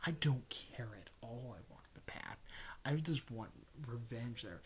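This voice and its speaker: A man voicing a bitter, vengeful male villain in a hushed, unvoiced whisper while retelling a story. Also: mid-range voice, expressive, unhurried, slight background noise.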